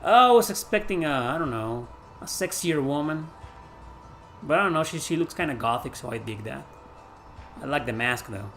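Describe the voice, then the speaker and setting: A man doing live gameplay commentary, chatting with viewers, swearing and shouting at the game. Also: fairly high pitch, expressive, moderate pace, pauses often, faint music behind. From Mexico. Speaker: gaming streamer.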